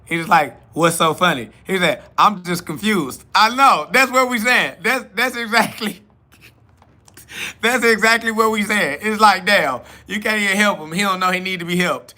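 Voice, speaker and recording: Podcast host, male, bright slightly high voice, blunt and mocking, laughs at his chat. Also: moderate pace. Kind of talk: live solo podcast answering chat questions.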